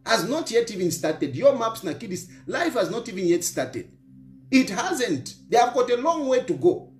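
In a lecturing monologue at a moderate pace, a middle-aged Zambian opposition politician with a Zambian accent scolds an opponent in a high voice full of big pitch swings. He keeps repeating phrases and points and drops local words into English, recorded with roomy echo and faint music.

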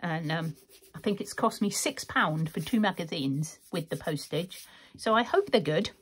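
A woman's voice: lowish voice, expressive, normal speed, slightly rough. A woman chatting casually through a craft tutorial, rambling and laughing often as she works. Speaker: craft vlogger.

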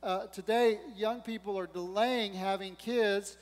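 A man's voice: high voice, fairly even intonation, measured pace. A male pastor preaching a sermon with rising emphasis and playful humor, acting out the voices in the story. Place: church sanctuary. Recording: long church-hall reverb.

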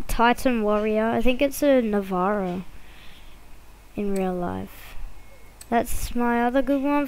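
A woman's voice: on the high side, darkish tone, slight background noise, poor audio. A woman giving casual, rambling commentary while she plays a driving game, with many fillers and restarts. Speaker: gameplay video creator.

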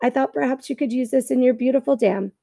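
A courteous robot mother, as a woman reads her aloud, speaking in careful, formal sentences. The voice sits higher than the reader's own and has a gravelly edge with a dry, close sound. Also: fast, no room sound. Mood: polite. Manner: plain, even, carefully formal speech. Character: calm polite female robot mother.

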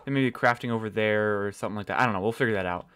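A man's voice: lowish voice, very fast, a bit bright, smooth. Rambling, swearing young-sounding gamer man. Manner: rambling, swears often, loses his train of thought. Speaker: gaming channel host. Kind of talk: casual gameplay commentary.

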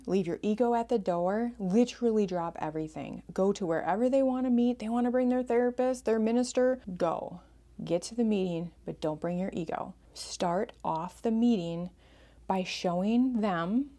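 An earnest woman with a warm, mellow voice gives advice as a podcast host. As a family therapist, she repeats key phrases for emphasis at a middling pitch.

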